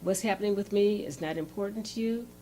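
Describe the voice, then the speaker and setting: A heartbroken wife protests and pleads in a wounded voice, as a woman acts her out. Her pitch is middling. She sounds hurt more than angry. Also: brisk, mellow, slight background noise, natural voice, poor audio. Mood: hurt, indignant.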